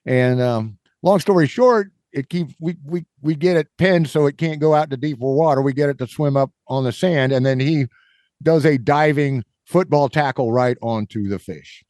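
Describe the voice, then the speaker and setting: In a dry, studio-quality recording, a middle-aged man from Kansas hosts a podcast and tells a wandering, casual story. He fills it with filler words and acts out its characters, using a medium-pitched, slightly mellow voice at normal speed.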